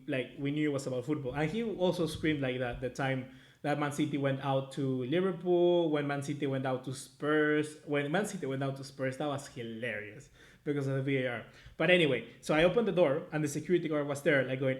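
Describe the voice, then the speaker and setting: A man's voice: a little high, moderate pace. A young man in his twenties from America, casually hosting a live-stream match review and reading viewer chats. His talk rambles and he swears freely. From Latin America. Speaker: host.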